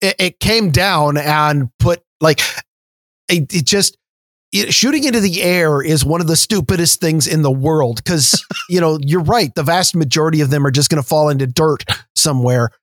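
A man's voice: fairly high pitch, moderate pace, a bit bright, dry recording, clean studio sound. A man co-hosting a casual podcast chat, who tells stories with lots of restarts and slips in wry jokes. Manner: storytelling with many restarts and fillers, wry jokes. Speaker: podcast co-host.

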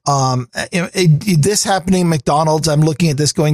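A middle-aged man co-hosting a podcast, talking in a wry, halting way with frequent restarts. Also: on the high side, a little mellow, dry recording. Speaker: podcast co-host. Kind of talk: casual chat.

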